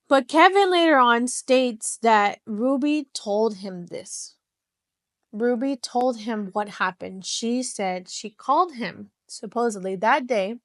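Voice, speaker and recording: A woman hosting a podcast retells a true-crime case in casual chat, rambling with lots of restarts and fillers like "like." Her pitch is fairly high. The recording is dry and studio quality.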